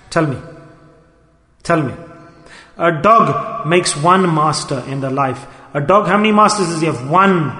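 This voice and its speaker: High-voiced preacher in an echoey hall. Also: male voice, sharp tone. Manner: earnest, pleading, slow emphatic repetitions. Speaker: Sufi preacher. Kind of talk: sermon to a gathering.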